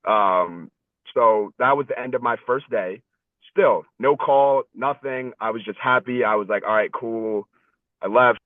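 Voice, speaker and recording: A man's voice: medium pitch, a little slow, no room sound. A young man in his twenties telling a personal story as a guest speaker over a video call, earnest and conversational, repeating words and often asking "right?". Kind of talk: storytelling in a webinar talk. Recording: thin phone-line sound, dry.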